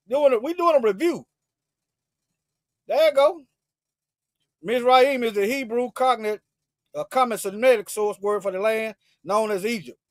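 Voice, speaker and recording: A man preaching fervently to viewers on a livestream. He swings from loud, forceful bursts to low muttered asides and often repeats and restarts his words. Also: dry recording. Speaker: self-styled Bible teacher on a livestream.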